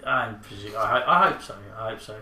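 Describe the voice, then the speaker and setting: A man co-hosting a podcast in casual chat, crude and joking, often halting mid-sentence. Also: lowish voice, animated, sharp tone. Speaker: podcast co-host. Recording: distant mic in echoey noisy room.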